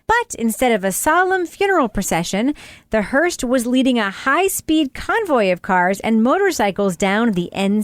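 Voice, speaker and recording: A woman hosting a podcast, reading a crime story with wry, deadpan jokes and steering her panel. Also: fairly high pitch, no room sound. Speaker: podcast host. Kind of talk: scripted crime segment and panel chat.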